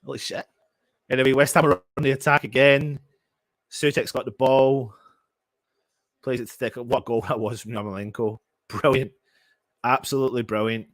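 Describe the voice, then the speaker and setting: A young man giving excitable, emotional fan play-by-play during a live match watchalong. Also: medium pitch, moderate pace, pauses often, dry recording. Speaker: fan commentator.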